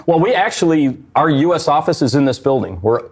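Before a live audience in an event space, a male podcast host runs a stage show with upbeat jokes. His voice is fairly high and animated, moving at a fairly quick clip, and the live recording comes across muffled.

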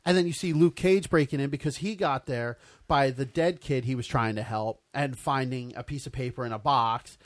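A man in casual chat about a show, animated, swearing freely and often repeating words. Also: medium pitch, moderate pace, hardly any pauses.

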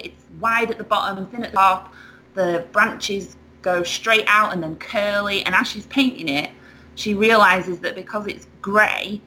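Woman, chatty storyteller, bright voice, faint hiss. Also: on the low side, low-quality recording. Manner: animated storyteller, laughs often. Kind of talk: casual chat.

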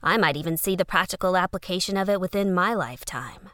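A woman's voice: on the low side, fast talker, fairly bright tone, no room sound, studio quality. A woman narrating an audio fiction story in a conversational first-person letter style.

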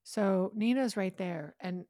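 A woman co-hosting a podcast, recapping a TV episode in an animated, breathless way with rapid asides. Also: mid-range voice, no echo, clean studio sound. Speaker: podcast co-host. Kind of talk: casual chat recapping a TV episode.

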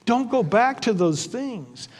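A man with a high voice teaches from the Bible in a relaxed, conversational way, thinking aloud as he goes. He is earnest, often repeating a word or restarting a phrase. A long hall reverb trails after his words. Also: slow. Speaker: preacher.

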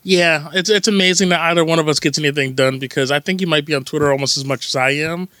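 Man, podcast host, slightly high voice, close dry mic, loose rambling chat. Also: fast, a bit bright, no room sound. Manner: chatty, rambling, laughs easily.

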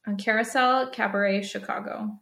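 A young woman co-hosting a casual podcast, chatty and quick to laugh, filling her talk with "like". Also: medium pitch, steady tone, gravelly, fairly bright tone. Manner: chatty, says "like" a lot, quick bursts of laughter. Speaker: podcast co-host. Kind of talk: casual chat. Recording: roomy echo.

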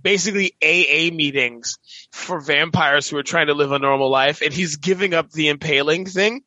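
A man co-hosting a podcast, rambling excitedly about movies and laughing a lot. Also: fairly high pitch, moderate pace, no room sound, muffled recording. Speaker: podcast co-host. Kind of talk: casual chat about movies.

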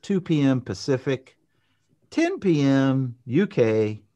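A man co-hosting a live podcast in casual chat, upbeat and quick to laugh. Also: medium pitch, big pitch swings, mellow. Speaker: podcast co-host.

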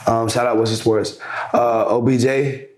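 A young man speaks as a podcast guest and tells his story in a relaxed, chatty way. He talks at a middle pitch and plays out each exchange as he goes. The room gives his voice a noticeable echo, with a faint hiss underneath. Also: unhurried. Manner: animated storyteller acting out quoted exchanges. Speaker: podcast guest, basketball influencer. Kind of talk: casual storytelling interview.

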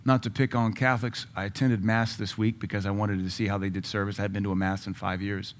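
A man's voice: lowish voice, little pitch movement, quick pace. A male pastor giving a sermon in a conversational way, with sudden emphatic rises and asides.

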